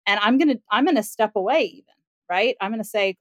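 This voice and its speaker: Animated woman, dry close podcast sound. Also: mid-range voice, fast talker, no echo, highs cut off. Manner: animated, acts out parent and child quotes. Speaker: parenting expert. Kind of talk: casual conversational podcast discussion.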